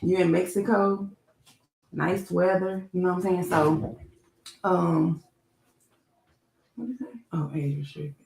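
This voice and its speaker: A woman co-hosting a podcast, telling a story in casual chat with a laid-back, low-key delivery. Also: slow pace, vocal fry, pauses often, a little mellow, roomy sound, a little hiss or hum, rough recording. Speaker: podcast co-host.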